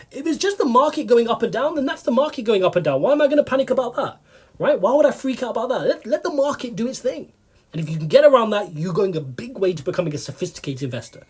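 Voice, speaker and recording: A man's voice: extremely high pitch, expressive, fast, darkish tone, slightly rough. A man hosting a crypto channel, giving market commentary straight to his viewers and firing off rhetorical questions.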